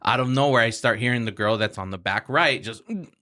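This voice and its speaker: A man's voice: lowish voice, fairly quick, bright, forceful tone. A man as a podcast guest, telling stories in a casual, profane way and laughing as he acts out the people in them. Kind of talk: casual storytelling chat.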